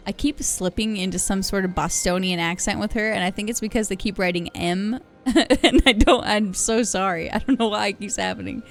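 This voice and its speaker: A woman's voice: mid-range voice, moderate pace, soft background music. A young woman chatting casually while she plays a game live, giggly and self-deprecating. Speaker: streamer. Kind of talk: casual live gameplay commentary.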